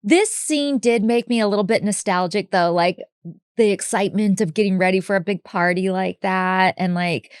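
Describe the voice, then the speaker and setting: An easygoing woman co-host on a casual podcast, with a mid-pitched voice and lots of relaxed fillers. She sounds close and dry, with no room echo. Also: moderate pace, clean tone. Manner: easygoing, nostalgic, agreeable with many fillers. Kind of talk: casual podcast rewatch chat.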